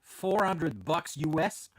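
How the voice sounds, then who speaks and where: Chatty man, lively pitch. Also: slow pace, dry recording. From Canada. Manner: rambling, many fillers and restarts, laughs often. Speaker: podcast host. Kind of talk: casual chat. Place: at home with his dog.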